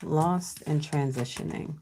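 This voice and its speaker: A woman's voice: sits low, slow, noisy background. A woman giving a casual live tarot reading from home over her computer, chatty, checking in with viewers and cussing now and then. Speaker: tarot card reader. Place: at home with her child nearby.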